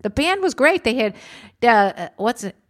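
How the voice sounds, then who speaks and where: A woman telling a long anecdote in casual chat, animated, swearing freely, often repeating herself. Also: on the high side, moderate pace. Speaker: storyteller in a casual two-person chat.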